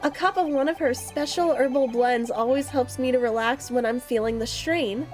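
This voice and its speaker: A woman's voice: high voice, normal speed, faint music behind, natural voice. Woman reading as a gracious young lady. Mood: gentle. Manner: calm read-aloud of game dialogue.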